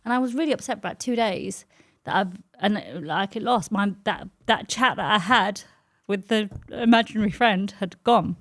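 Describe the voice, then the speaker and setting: Animated, sweary woman comedian in her forties. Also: medium pitch, moderate pace. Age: 40s. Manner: animated, swears a lot, acts out voices in anecdotes. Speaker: comedian guest. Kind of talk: casual podcast chat, storytelling.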